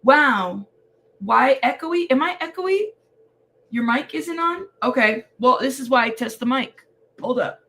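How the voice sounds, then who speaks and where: Tired woman hosting a live chat stream, friendly greetings, a bit of vocal fry. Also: sits high, expressive, unhurried, pushed and bright. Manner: chatty, greets viewers by name. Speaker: livestream host.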